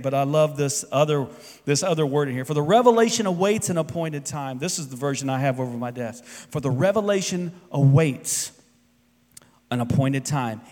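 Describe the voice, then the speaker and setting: A man preaching a sermon with a fairly high voice, carried by a long hall reverb. He rises to loud, emphatic peaks and then drops to quiet, soft asides. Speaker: pastor.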